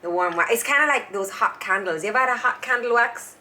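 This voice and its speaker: A woman co-hosting a casual chat show, playful and quick to laugh, often repeating herself. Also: on the high side, lively intonation, bright, forceful tone. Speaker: co-host.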